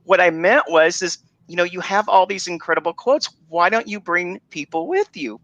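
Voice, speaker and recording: A man's voice: high voice, lively intonation, normal speed, a bit bright, muffled recording. A man voicing his loving wife, soothing and affectionate as she backtracks. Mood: reassuring.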